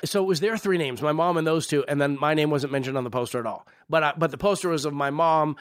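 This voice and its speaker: A man, an actor guest, telling animated anecdotes in casual podcast conversation. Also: on the high side, fast talker, no echo, clean studio sound. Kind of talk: casual storytelling.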